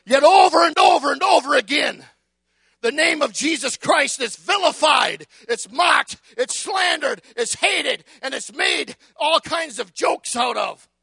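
Male preacher, very high, piercing, hollering a fiery sermon in long emphatic litanies, dry close sound. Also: animated, measured pace, gravelly, dry recording. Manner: shouting, emphatic, building litanies; repeats words when starting a phrase.

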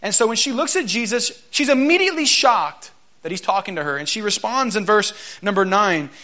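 A male guest preacher giving a lively Pentecostal sermon in a church, joking and calling for the congregation's response, in a dull lo-fi recording. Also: sits high, fairly quick. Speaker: guest preacher, Bible college teacher.

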